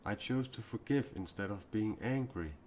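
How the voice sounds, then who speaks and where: A man speaking as a self-described mystic in an improvised live-stream talk, earnest and confessional, often pausing and restarting his sentences. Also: on the low side, a little mellow, slight background noise.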